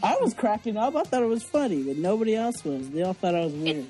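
A young man in his twenties, co-hosting a podcast and telling animated stories in casual chat. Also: high voice, quick pace, faint music behind. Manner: animated storytelling, mock voices. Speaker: podcast co-host.

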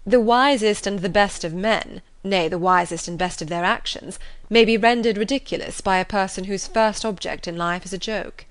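A woman reading the part of a proud, reserved young gentleman in a measured, formal way. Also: mid-range voice, lightly acted. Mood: grave.

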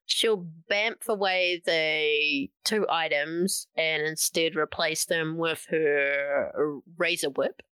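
A woman playing a tabletop game, speaking quickly and playfully. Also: low-pitched, fairly even intonation, sharp tone, clean tone, no echo. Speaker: player. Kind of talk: casual tabletop play.

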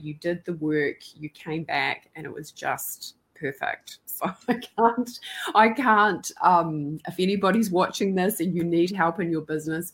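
A woman's voice: sits low, breathy edge. A woman hosting a podcast interview, chatting casually and effusively in long run-on bursts. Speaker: podcast and radio show host.

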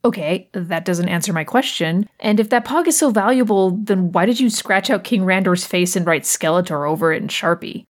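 A dry, sarcastic young woman, endlessly exasperated with her roommates, as played by a woman. Her voice sits slightly low, and her lines are from a comedy audio play. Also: normal speed, few pauses, close to an everyday voice.

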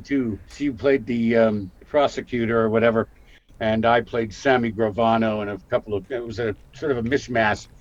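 A man in his sixties from Canada, an actor telling stories in a casual interview and acting out the voices of the people he quotes. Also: no echo. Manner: animated storyteller, acts out quotes with big pitch jumps. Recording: muffled lo-fi audio.

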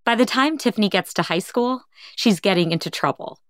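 A woman podcast host giving calm, measured scripted narration between interview clips. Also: medium pitch, no room sound, studio quality.

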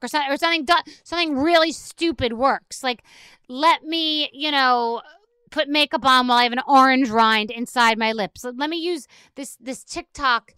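A woman's voice: on the high side, fairly bright tone, clean tone, no room sound, studio quality. A middle-aged woman hosting a podcast, ranting sarcastically and exasperatedly, with plenty of swearing. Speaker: podcast host. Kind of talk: solo comedic rant.

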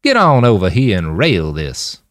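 A man's voice: fairly low pitch, wildly swooping pitch, unhurried, dry recording, clean studio sound. A male narrator voicing a brash, swaggering man with an exaggerated Southern twang. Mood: cocky. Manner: cocky, swaggering. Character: brash drug-loving man with a drawl.

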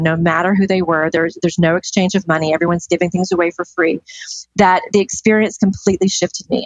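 A woman's voice: lowish voice, no echo, low-quality recording. A middle-aged woman chatting as a podcast guest, telling stories in an enthusiastic, free-flowing way. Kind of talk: casual interview chat.

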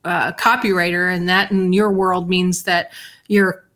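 A woman's voice: fairly low pitch, flat delivery, unhurried, fairly bright tone. A woman interviewing a guest, reflecting back on what she heard in an affirming way. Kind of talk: conversational interview.

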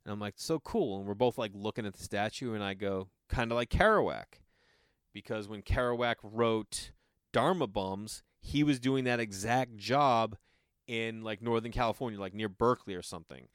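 Guy rambling thru a story, lots of likes, swears, smooth voice, dry sound. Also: on the low side, moderate pace, dry recording. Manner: rambling, filler-heavy, swears freely. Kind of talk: casual storytelling.

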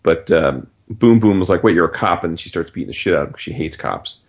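A man's voice: low-pitched, lively intonation, fast talker, vocal fry, darkish tone, highs cut off. A man casually recapping a comic book on a podcast, rambling with lots of fillers and swearing, acting out the characters' lines. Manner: rambling, profane, acts out quoted dialogue, frequent fillers. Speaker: podcast host.

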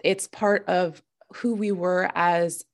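A woman in casual conversation about tabletop games, animated, laughing often, her pitch jumping when excited. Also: slow pace. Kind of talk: casual chat.

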